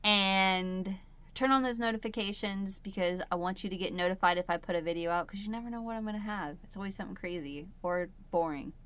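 A woman's voice: medium pitch, fairly quick, a bit bright, smooth. A woman hosting a home crochet video, talking casually and rambling, with frequent laughs, while sitting in a chair at home. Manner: chatty and rambling, laughs often. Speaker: crochet channel host. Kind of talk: casual chat.

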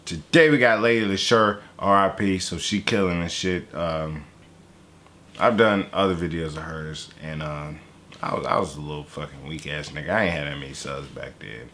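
A young man hosting a reaction video, talking in animated, profane, joking banter. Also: a bass voice, normal speed. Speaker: YouTube reaction host. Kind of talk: casual reaction chat.

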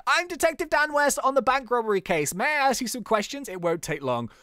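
Brief: gamer doing a dramatic detective, lively delivery, dry sound. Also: medium pitch, a little fast, no room sound, voice pushed up. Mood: earnest. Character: earnest adult male game detective.

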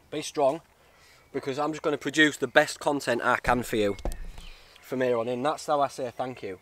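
A man's voice: medium pitch, moderate pace, fairly bright tone. A man vlogging outdoors in the woods, chatty and heartfelt, often calling the viewer mate. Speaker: bushcraft vlogger. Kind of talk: casual outdoor vlog.

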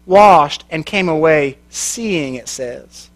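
A man with a rather high voice preaches to a church crowd. He tells his story in a loose, folksy way, cracks jokes and laughs at his own lines. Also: sing-song, drawn-out words, pauses often. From American Midwest. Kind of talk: sermon with storytelling.

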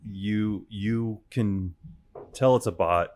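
A man with a very low voice co-hosts a casual podcast from a studio. He speaks in a dry way and slips in wisecracks. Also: slow pace, a little mellow. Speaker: podcast co-host. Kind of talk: casual chat.

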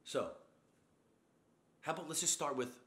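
A man's voice: fairly high pitch, measured pace, a bit bright, reverberant. A man hosting a show, giving a profane, rambling motivational rant in a blunt, cursing manner. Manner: blunt, swears constantly, rambling tangents. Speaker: show host.

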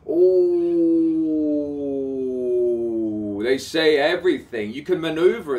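A man rambles through a theatrical spoken-word monologue, circling back on the same phrases and swearing as he goes. His voice sits a little high for a man, and he takes his time, drawing out every word. He is recorded from some way off the mic. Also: lively intonation, slow pace, long pauses, dark tone, far from the mic. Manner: repetitive, theatrical, swears freely. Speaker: poet and playwright.

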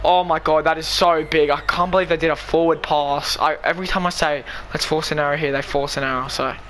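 A man commentating his own rugby video game live, excitable and pleading with his players. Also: fairly high pitch, brisk, a little hiss or hum. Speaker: gaming YouTuber.

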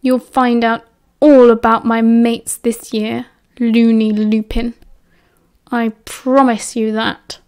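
British lady doing a snide teen boy wizard, slow cold drawl. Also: on the high side, little pitch movement, a little mellow, clean tone. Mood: sneering. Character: sneering cold teenage boy wizard, spiteful.

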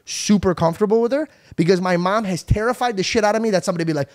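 A young man hosting a podcast, telling a story in a casual, animated way, swearing often. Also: high-pitched, rapid-fire, few pauses. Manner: animated, swears a lot, acts out quotes. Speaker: podcast host.

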